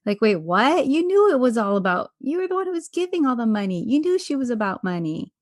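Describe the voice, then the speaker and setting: Woman co-host, lively gossipy recap delivery, dry close sound. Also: medium pitch, a little fast, few pauses, no echo. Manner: animated, acts out quotes from the show. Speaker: podcast co-host. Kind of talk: casual reality-TV recap chat.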